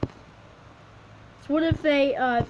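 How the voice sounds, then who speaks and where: A woman making up a story as she draws, rambling and halting, with many restarts. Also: high voice. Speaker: video creator. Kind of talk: improvised storytelling while drawing. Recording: dull lo-fi recording with faint hiss.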